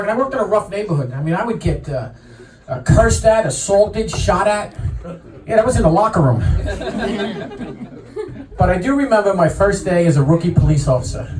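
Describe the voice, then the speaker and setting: A middle-aged man from New York doing a stand-up comedy set, telling stories in a deadpan way and pausing before each punchline. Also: sits high. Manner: deadpan storytelling with punchline pauses. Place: comedy club stage. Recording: roomy live venue, mic heard from a distance.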